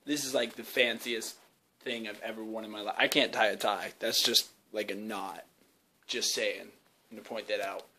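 Young guy rambling excitedly. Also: on the low side, moderate pace. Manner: rambling and excited, lots of fillers. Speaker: YouTube creator. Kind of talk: casual behind-the-scenes vlog. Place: indoor home video set with lights.

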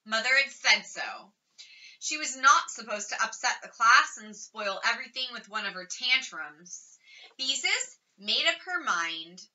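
A woman reading a children's chapter book aloud with lively, expressive storytelling. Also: fairly high pitch. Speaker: audiobook reader. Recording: slightly distant, dull lo-fi recording.

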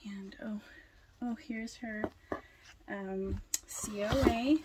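A young adult woman chatting casually as she unboxes a doll, gushing with excitement, now and then dropping to a whisper and a little out of breath. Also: on the high side, takes it slowly, noisy background. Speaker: doll collector vlogger.

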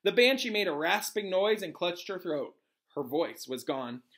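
Lively male teacher reading aloud. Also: high voice, normal speed. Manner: animated, stops to correct and explain. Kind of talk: reading a novel aloud to students.

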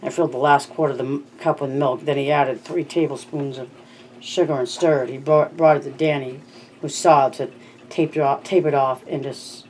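An amateur audiobook narrator reads a novel aloud in a middling pitch, now and then stumbling and restarting a word. Faint background noise runs under the reading. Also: steady tone, normal speed, darkish tone, low-quality recording. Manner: reads with frequent slips and restarts.

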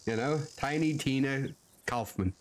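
In a western roleplay stream, this man talks in a drawling, folksy cowboy manner, cursing and cracking jokes as his character while laughing at himself. His voice is medium-pitched and his pace measured.

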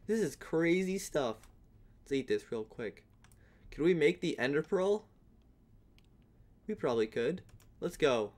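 A chatty young man talks through a video game round by round, rambling along in a slightly high voice. Now and then he bursts into playful yelling. Keyboard typing clicks under his voice at a desk mic. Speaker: gaming YouTuber. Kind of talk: casual gameplay commentary.

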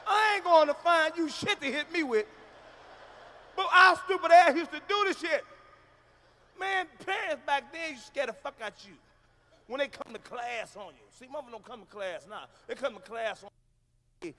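A man doing a loud, profane, animated stand-up comedy routine on a live stage. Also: very high voice, normal speed, long pauses, a little hiss or hum.

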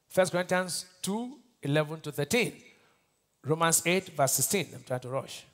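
A man's voice: on the high side, animated, moderate pace. Nigerian pastor quizzing his congregation. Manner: call-and-response, quizzing the congregation; swings between loud declarations and hushed lines. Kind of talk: sermon.

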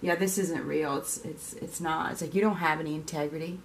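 A woman's voice: sits low, fairly even intonation, fairly quick, slight background noise. Chatty woman giving a tarot reading. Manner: chatty, repeats herself, acts out quoted reactions. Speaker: tarot reader. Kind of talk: casual tarot reading monologue.

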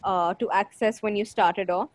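A woman's voice: medium pitch, steady tone, moderate pace, no room sound, low-quality recording. A young woman coaching a participant, playful and full of questions. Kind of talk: coaching conversation.

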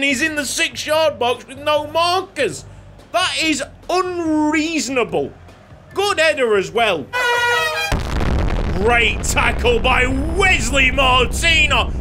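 A man giving excitable play-by-play commentary on his own football video game, shouting and laughing when goals go in. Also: very high voice. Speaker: gaming YouTuber.

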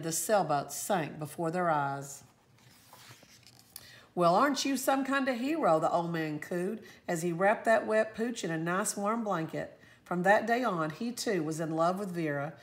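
A woman teacher reading a storybook aloud with expressive, lively storytelling. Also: fairly low pitch.

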